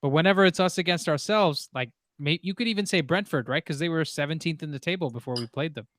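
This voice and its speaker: A man's voice: fairly high pitch, quick pace, fairly bright tone, slight background noise. A man hosting a live football stream, making his points with emphatic repetition. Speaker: host.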